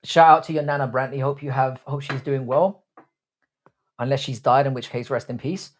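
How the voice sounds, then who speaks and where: Young guy on a livestream, cocky crude banter with chat, mid-pitched voice. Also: fairly even intonation, normal speed. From Britain. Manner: crude, cocky banter, calls himself "your boy". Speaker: livestream host. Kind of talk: casual live chat reading out viewer comments.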